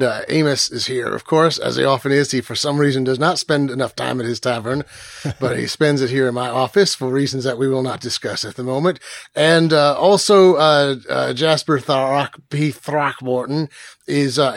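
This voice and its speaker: A man's voice: mid-range voice, normal speed, no echo, clean studio sound, natural voice. A man voicing a secretive male county clerk in a tabletop role-play podcast, rambling with sly asides.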